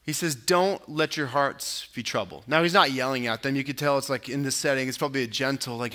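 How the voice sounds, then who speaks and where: A male pastor preaches a conversational sermon in a pushed, bright voice, talking briskly with few pauses. He acts out quotes with his pitch rising, keeps tossing tag questions at his listeners and uses casual filler words.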